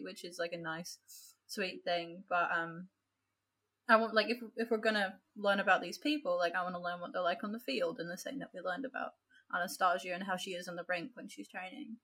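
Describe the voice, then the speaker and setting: A woman's voice: fairly low pitch, fairly even intonation, brisk, gravelly, bright, forceful tone, breathy edge. A woman with an Australian accent, co-hosting a casual book chat podcast and ranting in a chatty way with lots of fillers. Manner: chatty, heavy use of "like", ranting. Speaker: podcast co-host.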